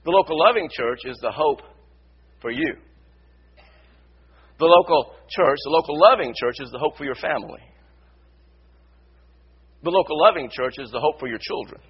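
A man preaching a sermon as pastor, repeating his phrases and building to loud emphasis. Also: fairly high pitch, animated, moderate pace, long pauses, slightly rough, lo-fi sound. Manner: repetitive, builds to shouted emphasis. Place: church sanctuary.

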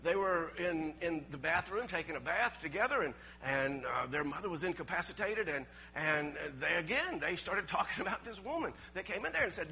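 A middle-aged man, preaching a storytelling sermon. He talks in a folksy way, repeats words, laughs often, and swings from loud to hushed. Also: on the high side, expressive, a little fast, vocal fry, hardly any pauses, dull audio, a little hiss or hum. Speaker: pastor.

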